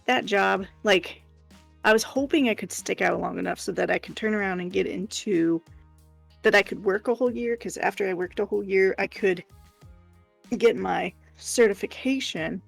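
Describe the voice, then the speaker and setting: A woman chats on a live stream, telling a work story with animated exasperation and the odd curse. Her voice has a gravelly, fry-laden edge, and the sound is close and dry with faint music under it. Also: mid-range voice, normal speed, no room sound. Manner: exasperated, animated retelling with profanity. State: hiccuping. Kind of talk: casual chat, storytelling.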